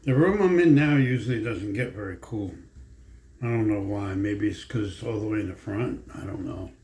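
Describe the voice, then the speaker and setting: Low mellow man rambling in an echoey room. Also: normal speed, a little hiss or hum. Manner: meandering, folksy, storytelling. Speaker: vlogger. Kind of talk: casual rambling chat. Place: home room. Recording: echoey room, faint ambience.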